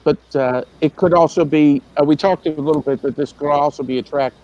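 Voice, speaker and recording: A man's voice: on the high side, steady tone, fairly quick, darkish tone. Hesitant man on dull lo-fi audio. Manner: hesitant, many fillers while recalling details. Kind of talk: casual podcast discussion.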